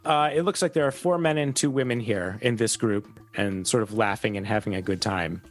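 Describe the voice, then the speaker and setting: A man running a tabletop game as game master, describing scenes with frequent hesitations. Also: lowish voice. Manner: descriptive, halting with fillers.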